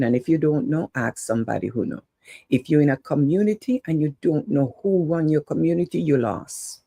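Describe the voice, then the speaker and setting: Husky-voiced woman preaching about voting. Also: deep voice, dark tone, dry recording. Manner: preachy, urgent, greets viewers by name. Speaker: host of an online talk show. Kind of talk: impassioned political monologue to viewers.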